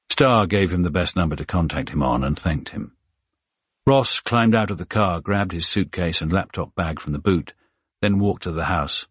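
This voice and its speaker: A man narrating a thriller audiobook in a steady, measured way. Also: deep voice, breathy edge, no echo. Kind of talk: scripted narration.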